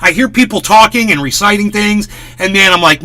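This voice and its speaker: A man with a bright, forceful voice pitched a little high rants on a live stream. He swears freely and keeps himself worked up. His talk is loose, casual and profane. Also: a little fast. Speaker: livestream host.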